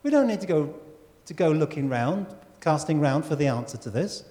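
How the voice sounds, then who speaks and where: A man's voice: on the high side, lively intonation, moderate pace, dark tone. A man preaching a sermon to his church, talking conversationally and asking the congregation questions. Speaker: pastor. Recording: church hall with long reverb.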